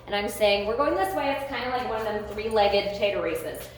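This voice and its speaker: A woman's voice: medium pitch, brisk. A woman training her dog on a leash, who mixes short praise like "good boy" with explanations to viewers. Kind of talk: live dog-training commentary. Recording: very echoey with faint noise.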